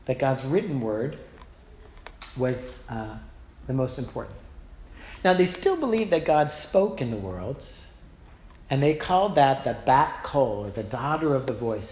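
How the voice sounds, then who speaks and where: A man's voice: mid-range voice, darkish tone. A man preaching a sermon as a pastor, telling stories in a personal, self-deprecating, conversational way, recorded in a church. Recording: roomy echo, faint background noise.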